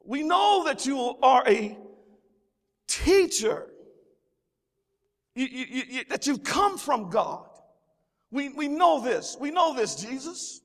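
A man preaching as pastor, his voice very high and lively, rising and falling as he repeats phrases and calls out praise. The sound rings with the long reverb of a large church sanctuary. He stumbles and restarts as he builds to his points. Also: takes it slowly. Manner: preaching with call-and-response exclamations and repeated phrases. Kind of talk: sermon.

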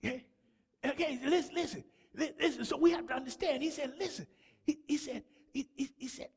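A man preaching a sermon to a church congregation, fervent and repetitive, often breaking into shouts. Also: very high voice, a little fast. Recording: long hall reverb.

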